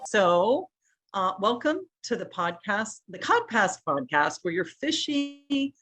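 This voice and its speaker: A woman's voice: mid-range voice, sing-song, slow pace, a bit bright. A woman hosting a podcast interview over a remote call, chatty, laughing often and making self-deprecating asides. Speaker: podcast host. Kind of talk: casual interview chat.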